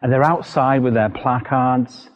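A middle-aged British man preaching a sermon, telling a personal story in an animated, vivid way. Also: mid-range voice, measured pace. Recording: dull lo-fi recording with long hall reverb.

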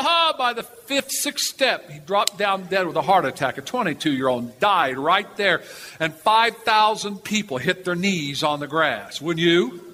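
An older man preaching a sermon, telling a story in an animated, repetitive way with chuckles, in a church before a live audience. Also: high-pitched. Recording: reverberant hall, faint background noise.

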